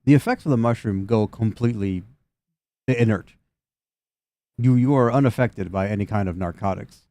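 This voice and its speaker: Male game master, playful narration, mellow tone, dry sound. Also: on the low side, normal speed, no room sound. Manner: playful, laughs while narrating.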